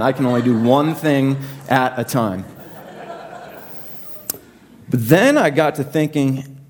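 Young man preaching a casual sermon. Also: mid-range voice. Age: young adult. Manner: conversational, self-deprecating, animated asides. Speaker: pastor.

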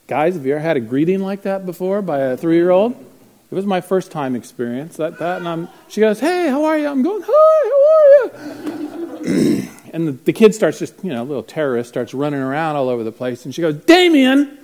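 A man speaking to a live class, telling a story with lively acted-out voices. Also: fairly high pitch, fast. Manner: animated, acts out voices in his stories. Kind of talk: storytelling talk to a live group.

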